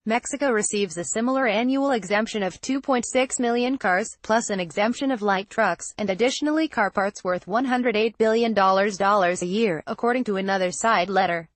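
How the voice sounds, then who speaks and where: A woman narrating a trade-policy newsletter as scripted news, with a measured, even delivery. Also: mid-range voice, dry recording.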